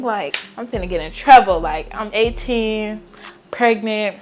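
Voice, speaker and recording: A young woman tells a casual storytime vlog. She is chatty and animated, leaning on "like" and acting out what everyone said. Faint music plays softly behind her. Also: mid-range voice, moderate pace. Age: young adult. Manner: chatty, animated, many "like" fillers, acts out quotes. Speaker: vlogger.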